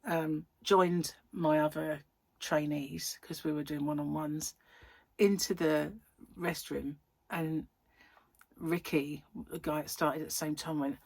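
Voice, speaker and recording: Chatty woman, low-voiced. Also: fairly even intonation, slow pace, vocal fry, a little mellow, breathy edge, no echo. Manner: chatty, giggly, self-interrupting storyteller. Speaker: crochet channel host. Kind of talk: casual chat, rambling anecdote.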